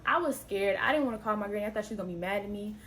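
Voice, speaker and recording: A young woman vlogger telling a story to camera in an animated, dramatic, exclamatory way. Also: mid-range voice, very fast.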